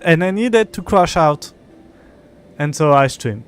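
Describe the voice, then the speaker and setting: A man's voice: mid-range voice, slow, fairly bright tone, clean tone. Frustrated young man streaming. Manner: frustrated, swearing, muttering to himself. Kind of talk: live gameplay stream chat.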